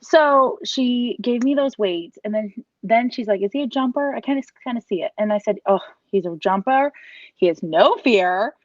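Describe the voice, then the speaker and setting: A woman's voice: fairly high pitch, normal speed, no room sound, dull audio. A woman in her thirties telling an emotional personal story about her son, earnest and rambling, full of restarts and quoted thoughts. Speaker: parent giving a testimonial.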